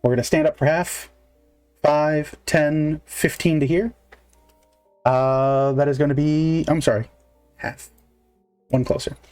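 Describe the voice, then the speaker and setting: A man running a tabletop game with a slightly high, easygoing voice. He narrates casually, counting squares aloud and full of filler words, with faint music playing behind. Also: fairly even intonation, takes it slowly, pauses often, a little mellow, smooth. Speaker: game master.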